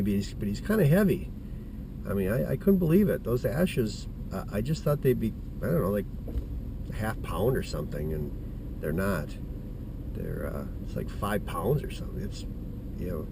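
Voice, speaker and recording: A man with a fairly low voice rambles to the camera beside his truck, circling back and restarting his sentences. His talk is casual and self-deprecating. The outdoor recording carries a steady hiss of noise. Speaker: hunting vlogger. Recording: noisy outdoor camera audio.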